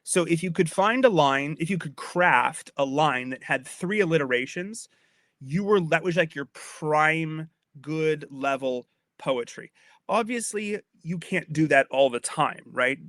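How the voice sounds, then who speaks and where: A man with a higher-side, slightly bright voice speaks a little slowly, his intonation lively, in studio-quality audio without room sound. As a podcast host casually lecturing on Old English poetry, he's chatty and mildly tipsy from wine, repeating and restarting phrases and checking the listener follows.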